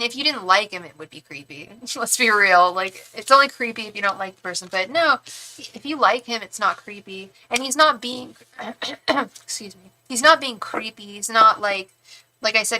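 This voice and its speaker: A woman reads tarot live for her viewers, her voice bright and forward. She talks in a loose, reassuring way, stumbling over restarts and fillers and calling the viewer fond names as she goes. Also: mid-range voice, poor audio. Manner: affectionate asides to the viewer. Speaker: tarot reader and psychic. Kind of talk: live-stream tarot reading, reading viewer comments aloud.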